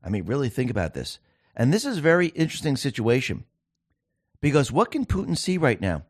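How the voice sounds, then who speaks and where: A man's voice: medium pitch, wildly swooping pitch, fairly quick, slightly rough, no echo, clean studio sound. A man hosting a political commentary monologue, talking emphatically and firing off rhetorical questions. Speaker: show host.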